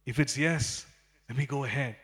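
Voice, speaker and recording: A man preaching a sermon in an animated way, with many fillers and repeated phrases. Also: medium pitch, moderate pace.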